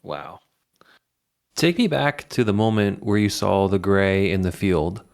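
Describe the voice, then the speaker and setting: Deep-voiced man hosting an interview. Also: expressive, measured pace, gravelly. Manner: reflective, thinks aloud with small restarts. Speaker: podcast host. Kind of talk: conversational interview.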